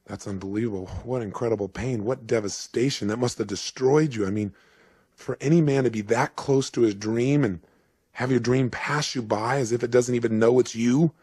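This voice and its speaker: Guy playing a stunned man, stammers, rising emphasis, husky voice. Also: medium pitch, normal speed, darkish tone, no echo, studio quality, natural voice. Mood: sympathetic. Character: stunned, sympathetic grown man.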